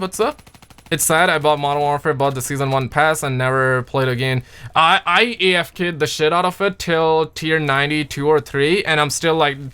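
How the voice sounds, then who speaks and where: A young man chatting casually on a livestream, reading out viewers' names and talking games in slangy, animated bursts. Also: a little high, smooth. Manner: slangy, animated, reads chat aloud. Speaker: streamer.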